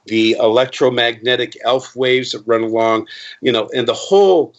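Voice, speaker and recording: A man's voice: medium pitch, normal speed. A man in his fifties, an interview guest, telling stories in a rambling way with many restarts, and acting out the people he quotes. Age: 50s. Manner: animated, acting out quoted voices. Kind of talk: casual storytelling interview. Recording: dull lo-fi interview recording.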